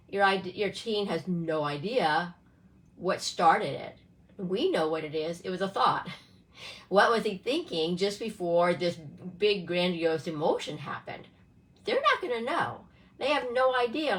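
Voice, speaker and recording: A woman's voice: mid-range voice, lively intonation, unhurried, fairly bright tone, poor audio. A middle-aged woman giving a casual live talk as a parenting coach, earnest and coaching, often restarting phrases and checking in with "right?".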